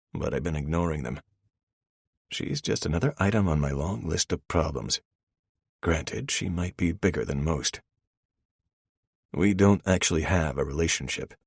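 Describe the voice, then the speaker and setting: Brief: very deep, gravelly, husky male narrator, dry studio sound. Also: moderate pace, no echo. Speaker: audiobook narrator. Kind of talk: first-person romance narration.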